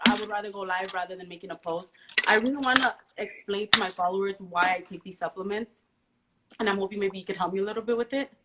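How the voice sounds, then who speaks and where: A woman's voice: medium pitch, quick pace, very noisy. Nervous chatty young woman, roomy echo. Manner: nervous, chatty, reads out viewer comments with laughs. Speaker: fighter hosting a live stream. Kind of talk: casual live-stream chat. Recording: roomy echo, faint music.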